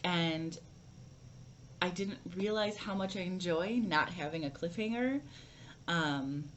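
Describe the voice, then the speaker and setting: A woman's voice: on the low side, takes it slowly, lo-fi sound, slight background noise. A young woman vlogging a casual book review, rambling with lots of fillers and restarts.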